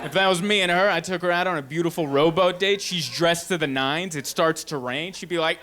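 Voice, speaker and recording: A male stand-up comedian on a club stage, acting out loud arguments with his partner. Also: on the high side, fairly quick, few pauses. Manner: animated, acts out shouting arguments with his partner. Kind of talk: stand-up routine. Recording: loud crowd and noise. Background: audience laughter.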